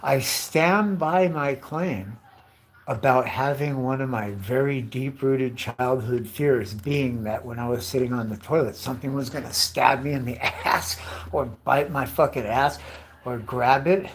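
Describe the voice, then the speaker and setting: This man, in his fifties, talks a little slowly at a medium pitch through a meandering comic monologue. Full of profanity and rhetorical questions, he keeps calling his listeners bro and dude.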